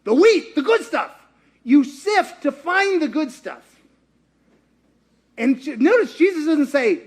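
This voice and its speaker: Animated high-voiced male preacher. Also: unhurried, pauses often. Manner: acts out quotes in character voices, lively and conversational. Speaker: pastor. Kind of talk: animated sermon storytelling.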